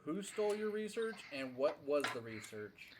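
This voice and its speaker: Man, tabletop player, sarcastic joking banter, steady hiss behind. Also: a little high, normal speed.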